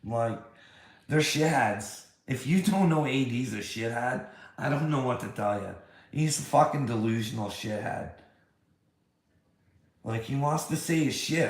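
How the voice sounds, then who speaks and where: A man's voice: medium pitch, normal speed, roomy sound. A man ranting at a critic, combative, firing rhetorical questions, swearing and repeating "bud" and "you know what I mean". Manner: swears a lot. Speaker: video creator ranting at a critic. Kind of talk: confrontational rant.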